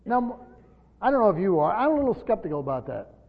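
A man with a fairly high voice teaches scripture to a gathered class, hitting key words hard and then falling quiet. The sound carries a long hall reverb and a dull, lo-fi tone. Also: big pitch swings, quick pace, gravelly. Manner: emphatic, swinging between loud stresses and quiet asides. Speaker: pastor teaching a Bible study. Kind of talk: expository Bible teaching.

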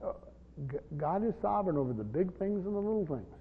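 Fast-talking and high-voiced, this pastor swings widely in pitch as he works through a sermon verse by verse. Earnestly he repeats words, leans on key terms and acts out imagined speakers, his voice echoing in a dull, lo-fi church hall with slight background noise.

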